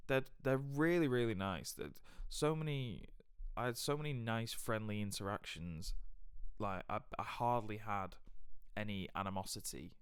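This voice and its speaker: A man's voice: lowish voice, normal speed, smooth, no echo. Man, young, podcast storyteller, rambling and chatty, dry close sound. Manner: rambling, chatty anecdotes with frequent restarts. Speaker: podcast co-host.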